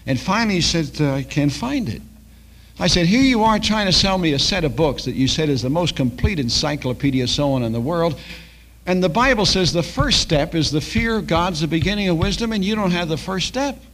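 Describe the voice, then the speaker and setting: A man's voice: a little high, expressive, a little fast, a bit bright, a little hiss or hum. An older man preaching a sermon as a pastor, telling stories and acting out the dialogue.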